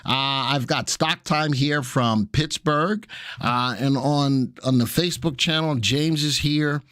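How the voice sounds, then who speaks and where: A man's voice: mid-range voice, slow, a bit bright, no room sound, clean studio sound. Chatty New man hosting a livestream. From Brooklyn, New York. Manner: chatty, greets viewers by name, jokey asides. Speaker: livestream host and market instructor. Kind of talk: casual live-stream chat.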